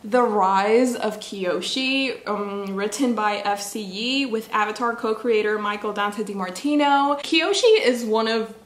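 A woman's voice: mid-range voice, measured pace, few pauses. A young woman chatting casually on her book vlog, bubbly and rambling, full of "like"s. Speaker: book vlogger. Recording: echoey room.

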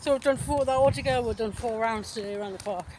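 Woman chatting outdoors over traffic. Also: fairly high pitch. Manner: relaxed, chatty, quick to laugh. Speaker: vlogger's sister. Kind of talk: casual chat. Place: park outdoors.

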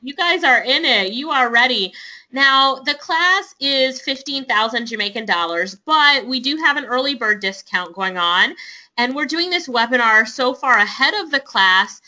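Bright, upbeat woman hosting a webinar. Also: high-pitched, animated, normal speed. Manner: upbeat and persuasive, laughs often. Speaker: webinar host and online business instructor. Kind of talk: live webinar sales pitch. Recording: dull lo-fi webinar audio.

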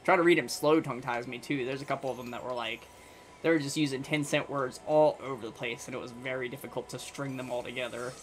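A man's voice: medium pitch, fairly even intonation, fast talker. A man hosting a gaming channel, giving casual let's-play commentary and thinking aloud to himself in a muttering way. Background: faint game music.

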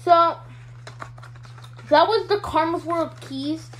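A woman's voice: extremely high pitch, slow, a bit bright, low-quality recording. A female vlogger showing her toy collection in a hyper, giggly, rambling way. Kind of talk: casual show-and-tell vlog.

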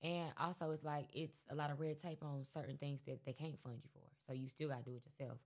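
A woman with a notably low voice, chatting in an easy, casual way. She rambles and pads her sentences with fillers as she goes. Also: quick pace. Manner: relaxed, rambling with many fillers. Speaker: guest rapper. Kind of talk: casual interview chat.

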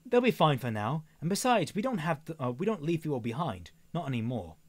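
Loyal young huntress, read by a man, earnest, urgent, lively pitch. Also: fairly quick, no room sound. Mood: resolute.

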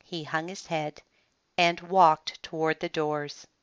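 A woman reading a children's picture book aloud in an expressive, deliberate storytelling manner. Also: low-pitched, clear, resonant tone, no echo. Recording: dull lo-fi, dry sound.

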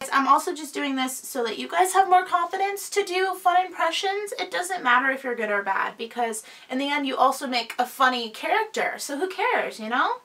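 A woman's voice: high voice, lively intonation, normal speed, few pauses, pushed and bright, far from the mic. A young woman hosting her own vlog, chatting casually in a giggly, self-deprecating way. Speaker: vlogger host.

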